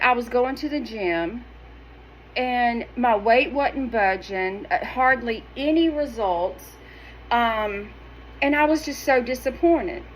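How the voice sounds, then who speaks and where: A middle-aged woman, talking straight to her viewers in a sassy, animated, emphatic way. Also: on the high side, slight background noise, poor audio. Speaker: wellness vlogger. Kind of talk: casual direct-to-camera talk.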